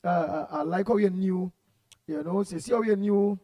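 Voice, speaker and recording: A man's voice: high-pitched, moderate pace, low-quality recording. A man with a Trinidadian accent hosting a morning call-in show, passionately greeting listeners by name and reading out comments in a raised voice he tries to hold down. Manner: passionate, loud, says he will drop his voice. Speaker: radio show host.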